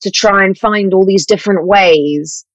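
A woman, an actress talking in an animated, chatty way with fillers and self-corrections in an interview. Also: medium pitch, unhurried, slight background noise. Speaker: actress guest. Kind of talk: casual interview chat.

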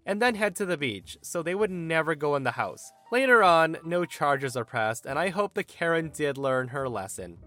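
A young man narrating a story from an online forum, lively and expressive, acting out the quoted lines. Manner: lively, acts out quoted lines with raised pitch. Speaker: narrator reading a Reddit story.

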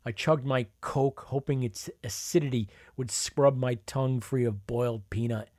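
A man's voice: mid-range voice, fairly even intonation, normal speed, darkish tone, no echo, clean studio sound. A man narrating a memoir in a wry, conversational storytelling manner. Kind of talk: memoir reading.

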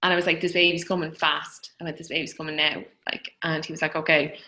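Bright-voiced Irish woman telling a story. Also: sits low, little pitch movement, quick pace, poor audio. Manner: chatty, laughs often, acts out dialogue. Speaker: mother telling her birth story. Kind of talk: casual storytelling.

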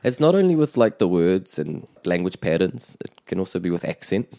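A man hosting a bilingual language lesson, explaining in a measured way with small restarts. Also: low-pitched, very animated, gravelly, dark tone, dry recording, clean studio sound. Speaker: te reo Māori teacher and podcast host.

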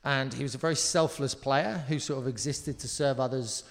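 A man from Surrey telling stories in casual chat on a live talk show, animated and swearing freely. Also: medium pitch, moderate pace, vocal fry, in a large hall. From Surrey, England. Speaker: comedian guest.

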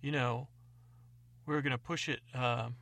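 A man voicing an easygoing, oblivious male adventurer who talks casually and haltingly. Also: mid-range voice, steady tone, creaky, a bit bright.

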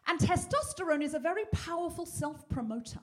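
A woman's voice: extremely high pitch, expressive, a little fast. Chatty storytelling woman host. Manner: chatty storytelling, self-mocking. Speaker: podcast co-host. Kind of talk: live comedy podcast chat. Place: theatre stage before a live audience.

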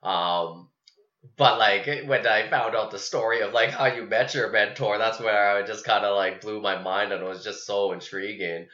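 Deep-voiced male host, echoey room. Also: fairly even intonation, moderate pace, sharp tone. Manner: hesitant, many fillers like "like" and "um". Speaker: podcast host. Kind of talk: casual interview chat. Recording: echoey room, dull sound.

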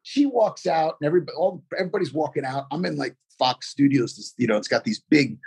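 Man, middle-aged, very husky, casual animated storytelling, lots of fillers. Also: on the high side, fast. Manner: animated, heavy on "you know" fillers. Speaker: actor guest.

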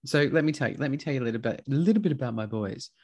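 A man hosting a casual chat, telling lively stories with plenty of swearing. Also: medium pitch, very fast. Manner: chatty, swears freely, tells animated stories.

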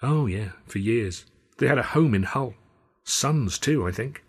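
A man doing a quiet, bleak old stage manager. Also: mid-range voice, expressive, a little slow, breathy edge. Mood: soft. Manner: quiet, bleak and soft-spoken. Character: older male theatre company manager, steady and kindly. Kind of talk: audiobook character voice.

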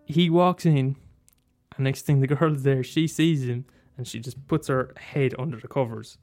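A man's voice: mid-range voice, moderate pace, a little mellow, soft background music. A man talking casually about a favourite film, rambling and restarting, swearing and laughing as he goes. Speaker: film commentator. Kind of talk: casual monologue.

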